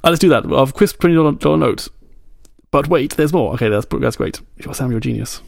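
A man chatting as a podcast co-host, his voice carrying a gravelly edge. He is recorded close and dry, with no room sound. He plays up the messages he reads aloud with mock drama. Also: mid-range voice, fast talker, dry recording. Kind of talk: casual chat.

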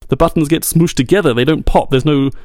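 A man co-hosting a podcast about books, complaining in casual chat with an exasperated, animated manner. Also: a little high, fast talker, dry recording, studio quality. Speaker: book podcast co-host.

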